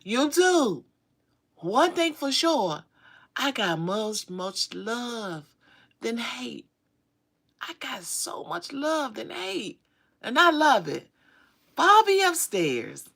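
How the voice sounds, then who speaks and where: A middle-aged woman, chatting casually with viewers on her livestream in an animated, drawling way. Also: a little high, takes it slowly, gravelly. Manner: animated, drawling, calls viewers baby and sugar. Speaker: livestream host.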